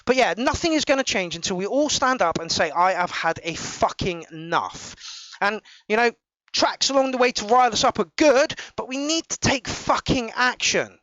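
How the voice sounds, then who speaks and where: Brief: male host, high-pitched, angry sweary rants, stop-start delivery, dull dry lo-fi mic. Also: expressive, bright, forceful tone, no room sound. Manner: sweary, ranting, halting restarts. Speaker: podcast host reviewing songs. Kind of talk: casual live review chat.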